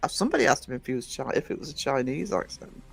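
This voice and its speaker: A man's voice: mid-range voice, big pitch swings, fast, creaky, breathy edge, rough recording. A middle-aged man from northern England, hosting a livestream and chatting casually with a rambling, laughing manner while reading the chat. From England, born in Nottingham, raised in Northumberland. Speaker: livestream host.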